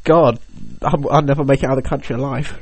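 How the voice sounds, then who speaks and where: A man's voice: medium pitch, fairly even intonation, quick pace, a little mellow, breathy edge, no echo. A young man co-hosting a podcast in casual chat, joking and acting out silly little scenes. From Britain. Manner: jokey, launches into goofy acted-out scenes. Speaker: podcast co-host.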